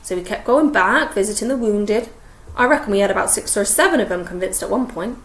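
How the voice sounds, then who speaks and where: A woman narrates an audiobook in a steady storytelling manner. Her mid-range voice has a gravelly texture, and the recording sounds roomy. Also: medium pitch, brisk. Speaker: audiobook reader. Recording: echoey room.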